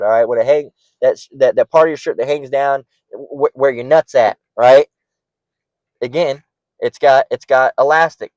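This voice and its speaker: A man's voice: medium pitch, no room sound, muffled recording. A man giving informal, emphatic scripture teaching near a parking lot, bluntly mocking his critics and often asking "all right?". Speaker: bible teacher.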